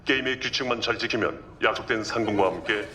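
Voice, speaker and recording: A cold, formal game announcer. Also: male voice, lowish voice, pushed and bright, slight background noise. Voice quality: formal, measured, impersonal. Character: cold, polite male announcer running deadly games. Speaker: game announcer over loudspeaker. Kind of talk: formal Korean drama announcement.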